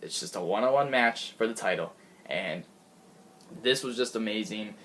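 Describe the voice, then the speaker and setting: A man's voice: fairly low pitch, expressive, moderate pace, fairly bright tone, slight background noise. A man giving a casual, rambling recap of a wrestling show, often laughing and restarting his sentences. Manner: chatty, giggly, rambling with restarts.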